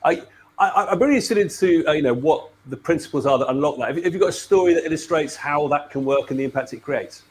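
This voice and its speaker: A man hosting a podcast who asks his guest questions in a halting way, repeating words as he goes. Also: a little high. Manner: hesitant, repeats words while framing questions. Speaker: podcast host. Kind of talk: casual interview.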